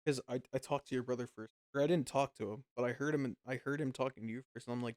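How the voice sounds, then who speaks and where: A man's voice: mid-range voice, quick pace, hardly any pauses, no echo, clean studio sound. A man, a podcast co-host, telling stories in casual chat and laughing often. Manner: animated storytelling, laughs often.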